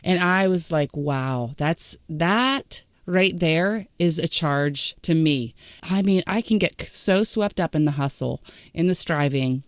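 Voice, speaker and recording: Woman podcast host, lowish voice, eager and affirming, dry close sound. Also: animated, slow, no room sound. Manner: enthusiastic and affirming. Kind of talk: interview chat.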